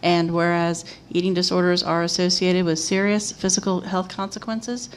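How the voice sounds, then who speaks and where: A woman chairing a city commission meeting, reading agenda items and a formal proclamation aloud in a steady, even manner. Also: on the low side, moderate pace, a little hiss or hum.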